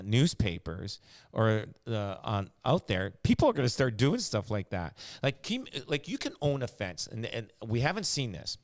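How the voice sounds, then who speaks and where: A man chatting casually as a podcast host, rambling with lots of fillers and restarts. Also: mid-range voice. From Canada. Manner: rambling, many fillers and restarts, laughs often. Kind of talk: casual chat.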